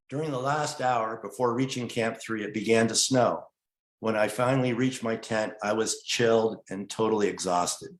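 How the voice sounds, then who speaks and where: Man, middle voice, earnest personal storyteller, recorded in an echoey room. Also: mid-range voice. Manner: earnest, measured, gets emotional at times. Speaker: guest telling his story. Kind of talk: personal storytelling, partly read narration.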